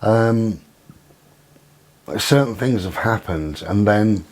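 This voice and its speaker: A man hosting his own channel, giving a rambling, conspiratorial monologue with many pauses and fillers. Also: fairly low pitch. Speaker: channel host.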